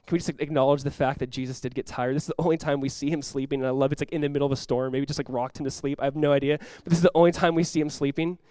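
A man, a pastor, preaching a sermon in an animated way, acting out voices with sudden loud bursts. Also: medium pitch, racing, hardly any pauses, clear, resonant tone, no room sound.

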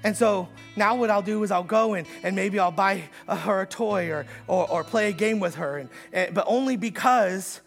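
A male pastor preaching a sermon, dropping to slow, quiet lines and then rising to loud, fast preaching, with many repeated words and restarts. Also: high-pitched, vocal fry, faint music behind.

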